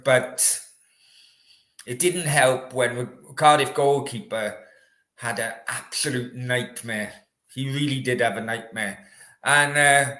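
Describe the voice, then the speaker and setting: A man's voice: mid-range voice, takes it slowly, bright, forceful tone, echoey room. A man hosting a casual live chat with viewers, chatty and rambling. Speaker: host. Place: room in Australia.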